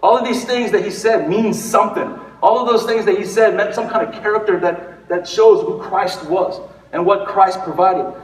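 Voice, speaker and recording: A man's voice: high-pitched, normal speed. A male pastor giving a conversational sermon, rambling with restarts and fillers. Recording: echoey hall, recorded from far off.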